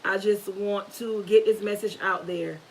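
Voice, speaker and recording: A nervous, earnest woman YouTuber talks emotionally on a live stream, halting and restarting often as she holds back tears. Her mid-range voice keeps a fairly even intonation, and the low-quality recording has slight background noise.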